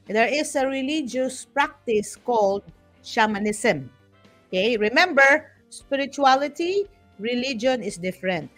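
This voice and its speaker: Chatty Filipino woman hosting a show. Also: a little high. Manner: chatty, switching between English and Tagalog; restarts often and teases herself with playful asides. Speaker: talk show host. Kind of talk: casual talk show monologue.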